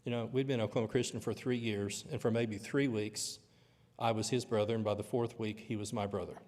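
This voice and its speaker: A man's voice: on the low side, steady tone, a little fast, darkish tone, long reverb tail. A man teaching a Bible lesson in church, with a conversational, storytelling manner. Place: church auditorium.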